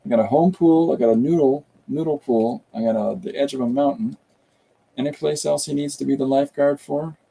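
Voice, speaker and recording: A man's voice: medium pitch, brisk, creaky, warm tone, breathy edge, low-quality recording. A man streaming a comic drawing tutorial, rambling casually and chatting with viewers and a pet as he draws.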